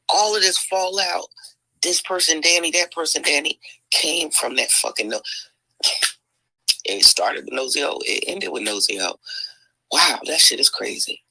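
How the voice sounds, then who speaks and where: Sharp-voiced woman ranting on a livestream. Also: deep voice, normal speed, gravelly, pauses often, husky, no room sound, low-quality recording. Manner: profane, exclaiming, lots of sighs and mm-mm. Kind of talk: heated livestream commentary.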